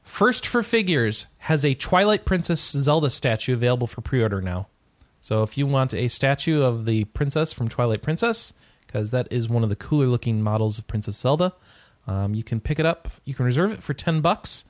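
A man hosting a casual gaming news podcast, reading news items and adding relaxed asides. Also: mid-range voice, moderate pace, no room sound. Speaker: podcast host.

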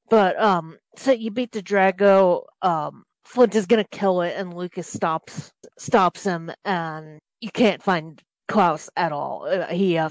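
A woman's voice: lowish voice, no echo, rough recording. A woman casually recapping a video game's story on a podcast, rambling with many restarts and fillers. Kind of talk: casual game plot recap.

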